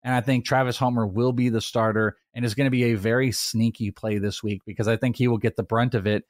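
A man's voice: medium pitch, clean studio sound. Podcast co-host, male, loose rambling delivery, dead room, no reverb. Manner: rambling, animated, quick asides. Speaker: fantasy football podcast host. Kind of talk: casual sports chat.

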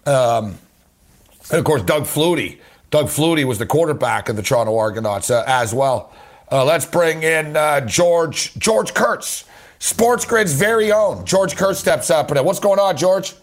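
A man's voice: on the high side, lively intonation, unhurried. A man hosting a sports betting show, talking casually and rambling with lots of repeated words and fillers. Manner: rambling, repeats words, says "you know" a lot.

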